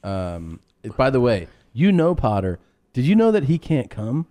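A man's voice: mid-range voice, very animated, normal speed, dark tone. A man co-hosting a podcast, chatting casually and joking with a guest. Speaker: podcast co-host. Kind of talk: casual chat.

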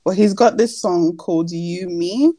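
A young woman in casual podcast chat, easygoing and quick to laugh. Her voice sits a little low. The close mic sounds dry. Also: mellow, dry recording. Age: young adult. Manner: laid-back, laughing, chatty. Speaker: podcast co-host.

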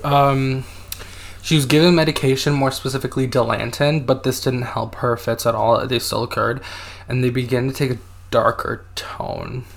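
Podcast co-host, a man who narrates a story in casual chat. He stumbles and restarts a lot and drops in "like" often. He reads quoted passages aloud in between, at a middling pitch. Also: fairly even intonation, moderate pace, vocal fry, a little hiss or hum. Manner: hesitant, reads out quotes, many fillers.

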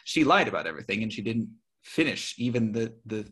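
American man, podcast guest, husky voice, lowish pitch, frank, animated storytelling. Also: a little fast. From United States. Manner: frank and animated, acting out quoted people. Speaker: podcast guest, author and publisher. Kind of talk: casual interview talk.

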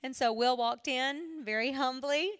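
A middle-aged woman giving a personal testimony sermon to a women's gathering, telling her story earnestly and dropping to a hush for emphasis. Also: sits high, measured pace, clean tone. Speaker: women's ministry speaker. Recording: long hall reverb.

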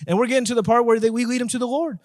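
A man with a high-pitched voice tells his testimony as a guest evangelist. He talks emphatically, repeating his points and rising into a preaching tone. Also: fairly even intonation, racing, darkish tone. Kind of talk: testimony told in an interview.

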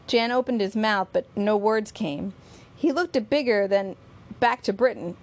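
A woman narrating a novel in steady, measured storytelling. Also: medium pitch.

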